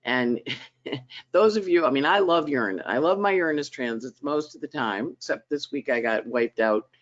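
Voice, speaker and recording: A woman hosts a weekly astrology forecast, her pitch swinging up and down with lively emphasis. She talks in a chatty, dramatic way. The sound is dull, like a conference call line. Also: moderate pace. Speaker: astrologer host.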